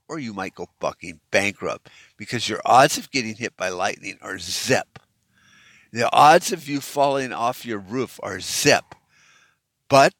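A man's voice: medium pitch, fairly bright tone, no room sound. A middle-aged man in a casual opinion monologue, ranting bluntly and swearing freely as he talks. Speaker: vlogger.

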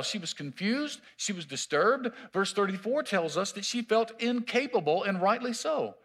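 A male pastor delivering a sermon in a church, his voice sitting high and swinging widely in pitch. He preaches emphatically, stretching out words and repeating them for weight. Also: very animated, fairly bright tone. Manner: emphatic, drawn-out preaching with repetition. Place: church sanctuary.

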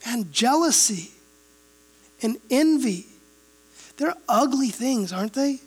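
A woman's voice: on the high side, lively intonation, slow, slightly rough. A woman pastor, giving a conversational sermon and retelling a Bible passage in a casual, storytelling way that often checks in with a rhetorical "right?". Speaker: pastor teaching a Bible chapter.

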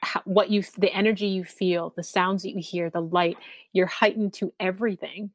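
A woman hosting an interview, talking in a thoughtful, measured way about her own experience. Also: lowish voice, fairly even intonation, no echo. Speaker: host. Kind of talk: conversational interview.

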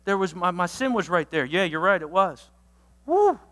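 Energetic pastor preaching with loud bursts. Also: medium pitch, fairly quick, long reverb tail. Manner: lists points with alliterative words. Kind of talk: sermon.

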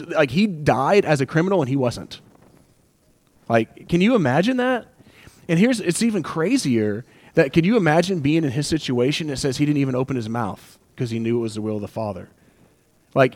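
A man's voice: on the high side, a little mellow, no room sound. Emotional conversational male pastor preaching. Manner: conversational and emotional, with asides and acted-out quotes. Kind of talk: sermon.

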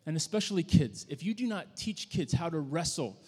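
A man's voice: a little high, lively intonation, a little mellow, slightly rough. Man preaching in a reverberant hall. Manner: conversational, halting with frequent restarts. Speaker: pastor. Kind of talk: sermon storytelling.

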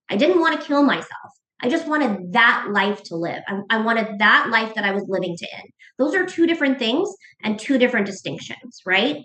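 A woman's voice: fairly high pitch, sharp tone. A middle-aged woman telling a personal story as a podcast guest, earnest and emotional, often restarting her sentences. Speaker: guest author. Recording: echoey room.

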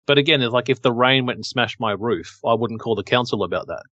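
A man's voice: mid-range voice, quick pace, sharp tone, no echo, dull audio. A man co-hosting a podcast in casual, joking, rambling chat. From Australia. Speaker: podcast co-host.

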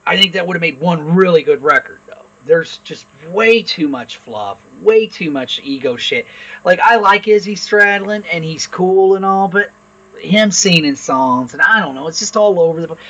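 A man's voice: sits high, animated, fairly quick, pushed and bright, breathy edge, low-quality recording. A man co-hosting a podcast in casual chat, blunt and opinionated, swearing freely. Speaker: podcast co-host.

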